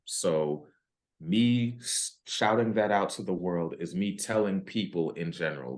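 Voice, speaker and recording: A man talking through ideas in a casual podcast discussion, thoughtful and full of restarts. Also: very deep voice. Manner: thoughtful, restarts often, rising when emphatic.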